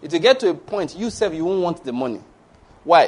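A man preaching, his voice sitting fairly high for a man. He is lively and playful, slipping into little acted-out exchanges, then turns to steady prayer and blessings spoken line by line for a call and response. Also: a little fast. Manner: lively, acts out dialogues, laughs often. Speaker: pastor. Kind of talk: sermon and closing prayer.

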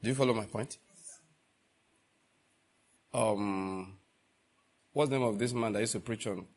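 A man's voice: on the low side, unhurried, a little mellow. A man preaching a sermon, asking the congregation rhetorical questions and repeating phrases for emphasis.

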